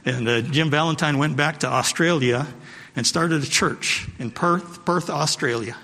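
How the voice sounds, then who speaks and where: Bright and forceful, with a voice on the high side and a measured pace, a male pastor preaches in a church sanctuary. He repeats his points for emphasis and calls out to the congregation as long hall reverb rings around him.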